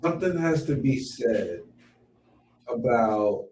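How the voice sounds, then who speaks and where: Slow, blunt, profane podcast host man. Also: mid-range voice, expressive, reverberant. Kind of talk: casual commentary.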